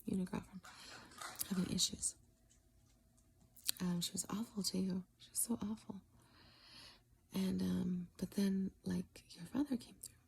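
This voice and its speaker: A woman telling a long story casually, often dropping into a soft whisper and pausing with halting fillers. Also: medium pitch, fairly even intonation, gravelly, slight background noise.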